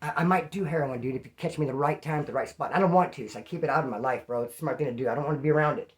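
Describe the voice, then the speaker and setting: A man rattling off a rough personal story at a fast clip. His talk is loose and profane, full of street slang, and gets animated as he goes. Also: a little high. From California. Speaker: vlogger. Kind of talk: casual storytelling to camera.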